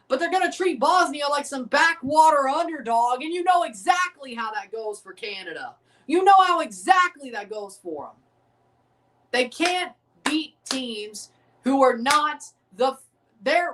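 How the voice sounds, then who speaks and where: A man's voice: very high-pitched, animated, normal speed, fairly bright tone, far from the mic. A man hosting a live sports watchalong, ranting profanely and repeating himself. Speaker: livestream watchalong host. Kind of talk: live sports reaction rant. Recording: voice a bit off the mic.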